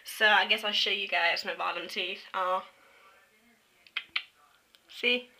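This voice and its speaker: A woman's voice: mid-range voice, slow, long pauses, sharp tone, poor audio. A woman talking to her camera at home, giving a chatty, rambling update full of fillers and self-corrections. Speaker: vlogger. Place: at home, indoors. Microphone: built-in camera mic, close to face.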